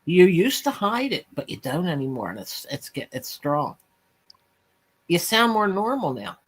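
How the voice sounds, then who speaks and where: Husky, lively teasing voice. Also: mid-range voice, moderate pace. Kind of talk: casual chat.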